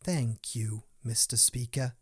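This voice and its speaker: A man's voice: medium pitch, slow, slightly rough. A man voicing a proud fairy queen who speaks formally and with command.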